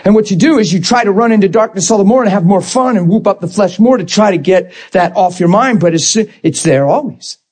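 A man preaching a sermon as a pastor, moving between calm talk and emotional shouting. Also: high voice, fairly quick, few pauses, husky.

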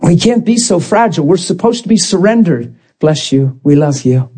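A man preaching a sermon as a pastor, moving between calm talk and emotional shouting. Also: sits high, moderate pace, husky.

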